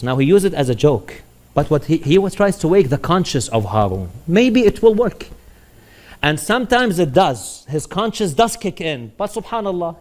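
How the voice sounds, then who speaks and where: A man's voice: a little high, a little mellow. A man preaching a sermon, telling stories with animation and putting questions to his audience.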